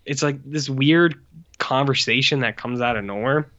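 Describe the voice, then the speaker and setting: Bright-voiced man rambling about movies. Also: medium pitch, normal speed, no echo, muffled recording. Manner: rambling, filler-heavy, acts out quoted lines. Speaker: podcast co-host. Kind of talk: casual movie review chat.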